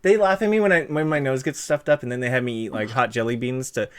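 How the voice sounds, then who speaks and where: A man's voice: mid-range voice, fast. A man hosting a casual livestream interview, reading chat messages and cracking dad jokes, with a stuffed-up nose. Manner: jokey, self-deprecating, punny.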